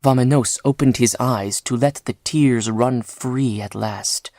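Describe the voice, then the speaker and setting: A woman narrating an audiobook in a measured, unhurried storytelling manner. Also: a bass voice, dark tone, no echo. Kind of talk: scripted narration.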